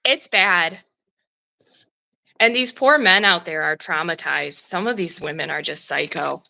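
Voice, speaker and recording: A woman with an Upper Midwest accent, a guest in a casual chat, telling stories with an animated, laughing manner. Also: on the low side, measured pace, gravelly, a little hiss or hum, rough recording. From North Midwest of the USA.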